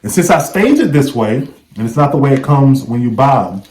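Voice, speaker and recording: A very animated man with a medium-pitched, darkish voice talks fairly quickly in a rough recording. Vlogging, he recounts a story in casual first-person fashion and often checks in with the viewer.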